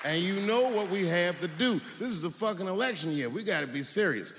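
A man performing stand-up comedy on stage, with profane, conversational punchlines and long pauses. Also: high voice, animated, a bit bright. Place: stage in a hall with a live audience. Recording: echoey hall with crowd noise.

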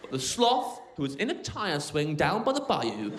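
A man's voice: fairly high pitch, huge pitch swings, moderate pace, background noise. A man doing stand-up comedy, telling an absurd rambling story in a sardonic manner. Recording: roomy club sound with loud crowd.

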